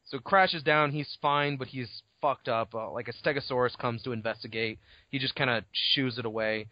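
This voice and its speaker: Here a swearing podcast co-host gives a rambling recap of a book chapter, acting out the characters' lines in casual chat. His mid-range voice moves at normal speed, captured in a dry, dull lo-fi home recording.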